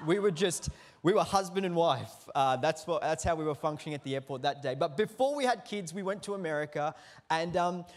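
A man, preaching a sermon as a lively storyteller who acts out the quotes in his anecdotes. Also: a little high. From Australia. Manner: animated storyteller acting out quotes, lively swings in loudness. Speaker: pastor.

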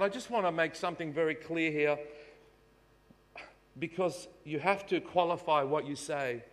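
A pastor preaching a sermon, swinging between hushed lows and shouted peaks. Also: male voice, in a large hall.

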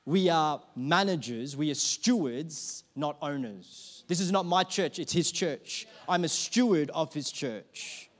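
A man's voice: on the high side, animated, slow, few pauses. A young adult male pastor preaching a sermon in a church, driving his points home by repeating key phrases with rising force. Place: church auditorium.

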